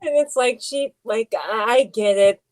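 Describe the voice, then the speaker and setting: A woman's voice: on the high side, measured pace, darkish tone. A woman co-hosting a podcast, chatting casually in rambling tangents full of "like". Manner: rambling, heavy use of "like", tangents. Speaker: podcast co-host. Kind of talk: casual chat.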